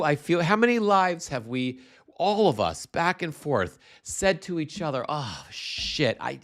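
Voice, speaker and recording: A man's voice: fairly high pitch, a bit bright. A man hosting a political livestream, speaking with impassioned, profane emphasis through a congested, drippy voice. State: congested with postnasal drip. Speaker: livestream host.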